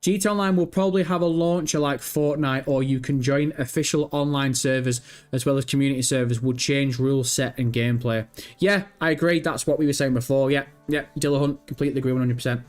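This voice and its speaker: A man's voice: mid-range voice, steady tone, fast. A man hosting a casual livestream, reading viewer messages aloud and rambling through his answers while swearing freely. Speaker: livestream host. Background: faint background music.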